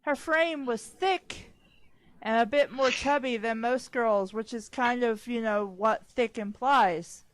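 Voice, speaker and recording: A woman's voice: on the high side, takes it slowly. A woman reading fanfiction aloud on a casual podcast, stumbling over names and breaking off for sarcastic remarks.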